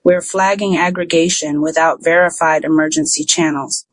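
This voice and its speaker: A narrator doing a calm, evasive woman official. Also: medium pitch, creaky, no echo, low-quality recording. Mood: composed. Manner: calm, measured replies.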